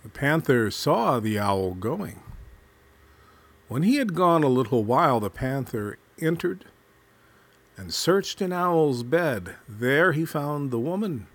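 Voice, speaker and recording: A man reading a folk tale aloud with a measured, deliberate storytelling cadence. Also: medium pitch, sing-song.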